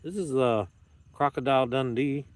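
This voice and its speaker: With no room sound, a man speaks at normal speed and medium pitch in a casual joking vlog. A playful, rambling showman, the YouTuber addresses the camera outdoors at dusk as dogs roam around.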